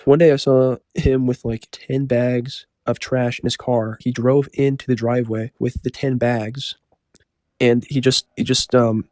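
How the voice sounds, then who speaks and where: Man, casual storyteller, rambling deadpan delivery, dry close recording, medium pitch. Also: no room sound. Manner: rambling, lots of "like" fillers, deadpan.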